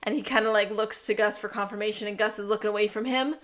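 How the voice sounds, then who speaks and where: A woman co-hosting a podcast, chatting casually as she recaps a TV episode in a lively storytelling way. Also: medium pitch, fast. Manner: lively storytelling, acting out quoted lines. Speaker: podcast co-host.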